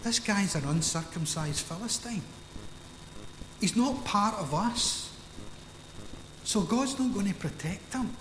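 A man's voice: expressive, slow, long pauses, a bit bright, slight background noise, heavily acted. A Scottish man voicing the young shepherd David as eager and persistent, in an echoey hall. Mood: urgent pleading. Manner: pleading, insistent, raised pitch. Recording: echoey hall with long reverb.

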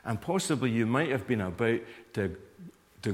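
A man's voice: medium pitch, animated, normal speed. A male preacher giving a sermon in a conversational manner, inviting listeners to imagine themselves in the scene. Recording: long hall reverb.

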